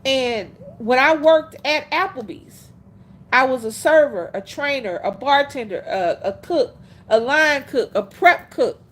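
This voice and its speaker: Lively woman telling stories. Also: high voice, unhurried. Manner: animated, laughs often, blunt with mild swearing. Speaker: livestream host. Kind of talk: casual storytelling on a livestream.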